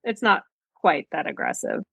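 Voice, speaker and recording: A woman's voice: sits low, huge pitch swings, normal speed, vocal fry, fairly bright tone, slightly rough. A woman co-hosting a podcast in casual comedic chat, wryly correcting her co-host.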